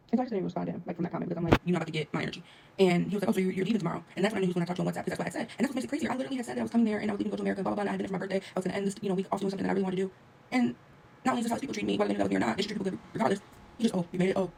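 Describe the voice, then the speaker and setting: Fast-talking gravelly woman ranting. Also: medium pitch, a little hiss or hum. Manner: fast, animated, talks straight to viewers. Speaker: travel vlogger. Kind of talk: casual storytime rant.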